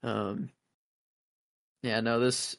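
A man's voice: medium pitch, flat delivery, drawn-out words, creaky. Man rambling casually on a podcast. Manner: rambling, filler-heavy, acts out his reactions. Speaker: podcast co-host. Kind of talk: casual chat.

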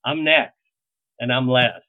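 A middle-aged man tells animated stories in an interview, jumping into the voices of the people he quotes. His voice sits at an ordinary pitch. It comes through a thin, phone-like line with no room sound. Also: slow pace, dry recording. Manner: animated anecdotes, acts out quoted lines. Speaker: publicist guest. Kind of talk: storytelling interview. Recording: tinny phone-like line, dry.

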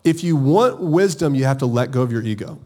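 A man's voice: medium pitch, brisk. A married man preaching a sermon with energy, calling on his congregation to answer back. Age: adult, married. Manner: energetic, calls for audience responses. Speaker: pastor.

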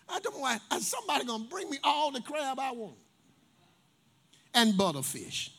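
A man preaches from the pulpit, his voice pitched unusually high with a bright, ringing edge. He tells stories and pulls the congregation into call-and-response. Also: sing-song, a little slow, pauses often, slightly rough. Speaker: pastor. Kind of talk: sermon.

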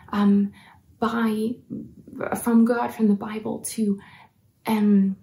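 A woman delivers a sermon with earnest encouragement, her mid-range voice sometimes sinking to a soft near-whisper.

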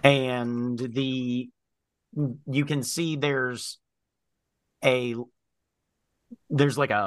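A man's voice: medium pitch, sharp tone, dry recording, studio quality. A man acting as game master, describing the scene in a hesitant way with many fillers. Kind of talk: narrating a tabletop game.

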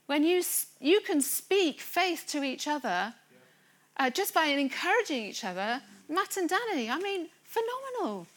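A woman preaching a sermon to a church congregation, earnest and building to excited emphasis. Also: sits high, a little slow. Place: church gathering room.

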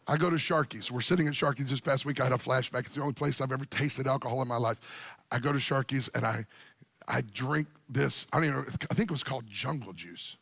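A middle-aged man, preaching a sermon to a church congregation, animated, swinging from quiet storytelling up to near-shouted, sung-out lines. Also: medium pitch, fast talker, vocal fry, husky, dry recording. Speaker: pastor.

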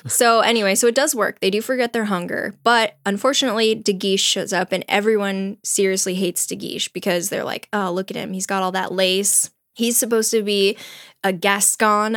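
A woman's voice: mid-range voice, steady tone, moderate pace, a bit bright, no echo, clean studio sound. Chatty woman retelling a story. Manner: chatty, slangy, laughs often. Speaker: storyteller host. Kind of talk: casual chat retelling a story.

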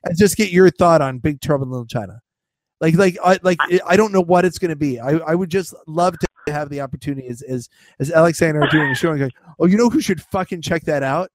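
A man co-hosting a podcast in casual chat, rambling with halting restarts and jokes. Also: a little high, no echo. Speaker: podcast co-host.

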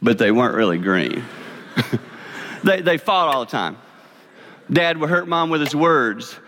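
A man in his fifties with a South Carolina accent gives a folksy, animated sermon with an object lesson. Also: medium pitch, unhurried, slight background noise. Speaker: speaker. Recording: long reverb of a large hall.

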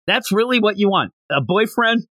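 A man's voice: sits high, expressive, moderate pace, bright, forceful tone, no room sound, clean studio sound, pitched above the performer's own voice, exaggerated voice. A man voicing an exasperated, whiny pig man who pleads and rants in disbelief. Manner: pleading, incredulous rant.

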